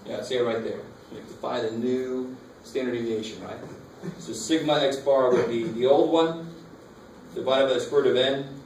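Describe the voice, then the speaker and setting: A man's voice: mid-range voice, moderate pace, darkish tone. A man teaching a math lecture, talking casually and asking the class questions. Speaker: math instructor. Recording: echoey classroom from far off, faint noise.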